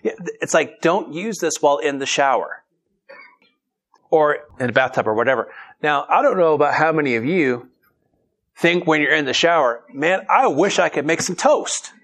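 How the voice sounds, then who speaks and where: A man's voice: fairly high pitch, normal speed, pauses often, a bit bright. A middle-aged man preaching a sermon in a conversational, humorous way. He reads scripture aloud and then explains it.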